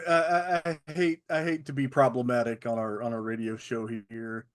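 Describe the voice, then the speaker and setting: A man's voice: mid-range voice, level tone, moderate pace. A man co-hosting a podcast in casual chat, rambling and joking with frequent restarts. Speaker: podcast co-host.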